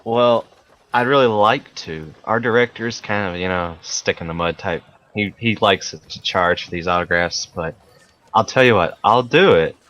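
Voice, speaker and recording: Low-voiced guy playing a tabletop game, bright tone, hams up everything his character does. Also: moderate pace, dull audio. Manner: playful, hammy player describing over-the-top actions. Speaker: player.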